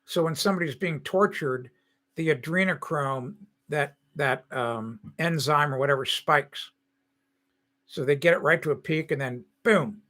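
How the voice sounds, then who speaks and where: A man's voice: a little high, a little slow, sharp tone. A man in his sixties from the United States, hosting a live stream and talking casually in a rambling way while he reads and answers chat comments.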